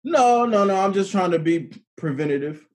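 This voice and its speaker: A man's voice: sits high, expressive, normal speed, darkish tone. A man co-hosting a podcast in casual chat, drawling and laughing a lot while coughing with an irritated throat. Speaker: podcast co-host.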